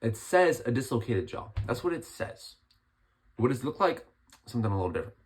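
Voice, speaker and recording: A young man with a hoarse, worn voice, still getting over being sick, talking casually and rambling as he breaks down a fight night. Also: medium pitch, very animated, fairly quick. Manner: chatty, rambling, lots of restarts. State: hoarse, recovering from illness. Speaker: MMA commentary vlogger.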